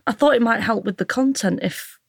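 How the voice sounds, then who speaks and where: A woman's voice: fairly high pitch, brisk, creaky, no echo, studio quality. Jet-lagged, jokey woman. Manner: chatty, jokey, self-mocking. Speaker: podcast co-host. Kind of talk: casual chat. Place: studio booth.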